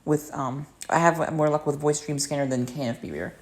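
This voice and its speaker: A woman's voice: low-pitched, a little fast, a little mellow. A woman livestreaming from home in casual chat, rambling with many ums and restarts.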